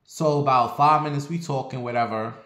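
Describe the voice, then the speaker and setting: A man casually telling a personal story on his vlog, animated and profane, with sassy asides. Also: mid-range voice, a little fast, echoey room.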